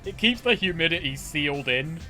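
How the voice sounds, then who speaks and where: A man's voice: fairly high pitch, expressive, fairly quick, bright, forceful tone, soft background music. A man wisecracking with friends while playing a video game. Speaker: gaming streamer. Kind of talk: casual joking game commentary.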